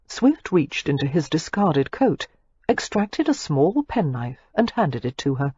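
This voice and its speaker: A woman narrating a romance audiobook in an expressive, measured storytelling manner. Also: low-pitched, slightly rough, no room sound, highs cut off.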